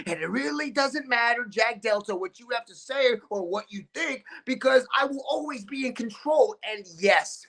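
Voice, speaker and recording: A man cutting a boastful wrestling promo as a guest, brash and trash-talking, shifting between rapid-fire and slow, deliberate lines. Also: very high-pitched, animated, vocal fry, sharp tone.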